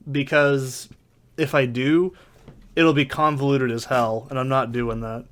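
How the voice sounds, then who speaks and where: A man riffing over a let's play in a loose, rambling way, swearing freely and breaking into mock rants. His voice sits at an ordinary male pitch, close on a desk condenser mic in a soundproofed home corner. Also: steady tone, normal speed, fairly bright tone. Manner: rambling, profane, mock-ranting. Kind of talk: casual gameplay commentary. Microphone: desk condenser mic with pop filter.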